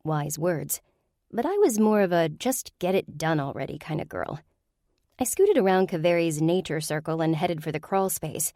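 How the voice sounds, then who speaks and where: A woman narrates a first-person audiobook with a wry, sardonic edge. Her voice sits low. The recording is close and dry. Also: animated, moderate pace, warm tone, no echo.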